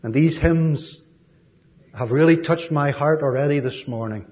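An Irish man giving a sermon as a visiting preacher, gentle and folksy, with frequent ums and asides. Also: on the high side, a little slow, highs cut off. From Ireland.

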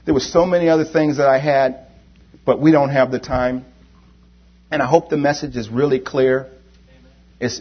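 A man preaching a sermon, impassioned and building to fervent exhortation, then leading a prayer. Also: medium pitch. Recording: dull lo-fi sermon recording.

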